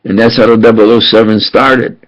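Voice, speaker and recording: A man in his eighties in a rambling, aggrieved monologue, halting and repeating himself. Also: lowish voice, flat delivery, highs cut off. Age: 80s. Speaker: self-published speaker.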